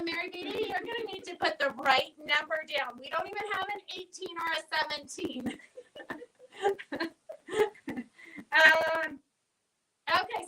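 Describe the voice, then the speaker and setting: A woman's voice: extremely high pitch, pushed and bright, low-quality recording. A woman hosting a casual live-stream fabric sale, chatting and answering viewers' comments as she goes.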